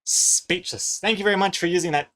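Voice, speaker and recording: A young webcomic artist and streamer from New Zealand, with a mixed accent that leans a little American, chats casually while drawing on a live stream. He reads chat messages aloud and laughs easily, his voice high, fairly quick and fairly bright.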